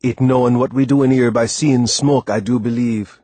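A man's voice: medium pitch, fairly even intonation, moderate pace, warm tone, dry recording, close to an everyday voice. A man reading a storybook, voicing an old sailor from the with a lilting dialect and an earnest manner. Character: old West Indian sailor, calm, devoted.

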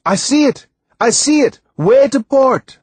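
A man's voice: mid-range voice, a little slow, no echo, close to an everyday voice. A man reading a storybook, voicing an old sailor from the with a lilting dialect and an earnest manner. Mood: shouting. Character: old West Indian sailor, calm, devoted.

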